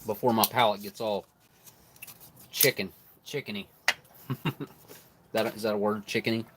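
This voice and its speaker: Low-voiced man chatting through a food tasting. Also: measured pace, heavy background noise. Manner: relaxed, chatty, talks while chewing. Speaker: food reviewer streamer. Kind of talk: live stream food tasting.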